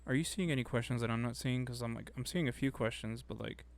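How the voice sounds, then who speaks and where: A young man co-hosting a casual podcast chat, talking in a relaxed, laid-back way and swearing casually. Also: medium pitch, fast, vocal fry. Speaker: podcast co-host.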